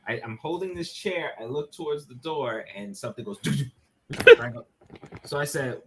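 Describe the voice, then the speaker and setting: A man with a New York accent, a podcast guest telling a story from his bedroom over a webcam, animated and swearing, laughing as he goes. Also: medium pitch, moderate pace, a little hiss or hum. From Brooklyn, New York. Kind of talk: casual podcast chat, storytelling. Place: bedroom at home.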